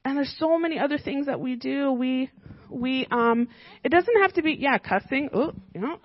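A woman teaching a children's church lesson, lively and often asking the kids questions. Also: sits high, moderate pace, highs cut off.

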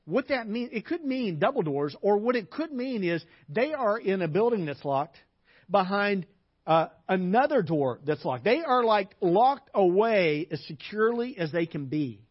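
A man preaching a sermon as pastor, telling personal stories, dropping to a hush in sad parts and acting out the people he quotes. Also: high-pitched, sing-song, moderate pace, breathy edge, lo-fi sound. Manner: personal storytelling, drops to a hush at sad moments and acts out quoted lines.

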